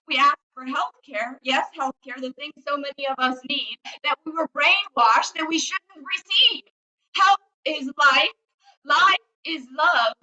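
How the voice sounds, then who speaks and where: Brief: woman spoken-word poet, high bright voice, fervent repeated lines, video call audio. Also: rough recording. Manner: impassioned, rhythmic, repeating phrases. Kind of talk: spoken-word poetry performance.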